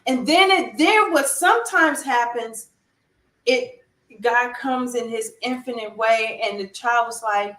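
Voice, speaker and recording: Brief: woman guest, high voice, lively storyteller, roomy echo. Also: unhurried. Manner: animated storyteller who acts out other people's lines. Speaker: guest counselor. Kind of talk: storytelling interview talk.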